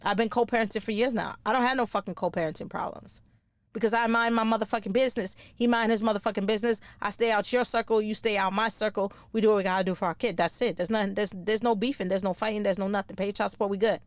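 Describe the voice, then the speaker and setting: A woman's voice: medium pitch, fairly even intonation, quick pace, no echo. A middle-aged woman, a comedian hosting her own podcast, ranting bluntly with lots of swearing and laughing at her own jokes. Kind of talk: profane comedic rant.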